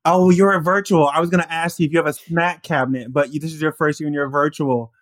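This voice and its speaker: A man hosting a podcast who chats in a relaxed, joking way with his guest. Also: fairly high pitch, fast talker, no room sound. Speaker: podcast host. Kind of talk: casual interview chat.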